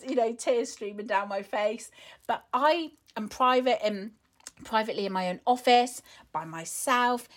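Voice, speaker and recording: A woman speaks as a wellness coach in a casual monologue aimed at other women. She talks in a loose, chatty way, full of fillers. Her tone stays earnest and emotionally open. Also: a little high.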